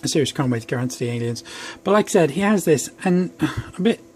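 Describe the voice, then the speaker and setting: Rambling guy, slightly high voice. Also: animated, quick pace, darkish tone. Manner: chatty, rambling, self-deprecating asides. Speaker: toy reviewer. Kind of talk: casual action-figure review. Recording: faint background noise.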